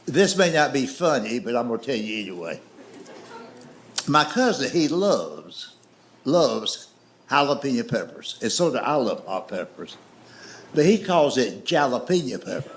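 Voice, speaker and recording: Performing stand-up in front of a laughing crowd, this comedian from the Southern US has a medium-pitched voice that swings widely in pitch. He speaks at a measured pace, pausing often, spinning folksy, drawn-out stories with dry asides over the live audience noise.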